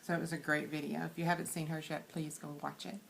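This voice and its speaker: A woman with a Texan accent talks to her camera in a casual vlog, earnest and a little shy. Her voice sits slightly low and she fills pauses with soft ums. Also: level tone, vocal fry, a little hiss or hum. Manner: soft-spoken, many fillers, earnest; quiet and shy. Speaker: weight loss surgery vlogger.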